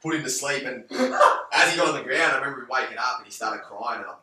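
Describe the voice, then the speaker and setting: A man's voice: mid-range voice, fast, sharp tone. A man in casual podcast chat, rambling through stories with lots of "mate" and "you know". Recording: roomy, distant mic.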